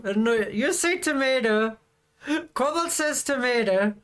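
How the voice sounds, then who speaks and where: Woman streamer, slightly high voice, slow and easygoing, teasing and giggly with chat. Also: animated, fairly bright tone. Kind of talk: casual live-stream chat.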